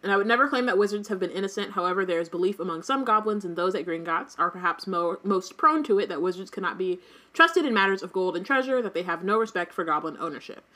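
A woman's voice: mid-range voice, quick pace, sharp tone. A woman co-hosting a casual book podcast, reading passages aloud and laughing often. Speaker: podcast co-host. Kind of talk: casual book-discussion chat.

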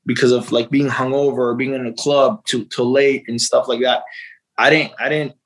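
Rambling chatty dad telling stories. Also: male voice, medium pitch, poor audio. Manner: rambling, repeats words, acts out quotes. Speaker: interview guest, father. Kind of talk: casual storytelling chat.

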